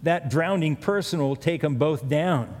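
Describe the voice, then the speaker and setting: Middle-aged male pastor, a touch higher-pitched than most men, chatty storytelling sermon, long church-hall reverb. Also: measured pace, a little mellow. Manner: conversational storytelling preaching with asides.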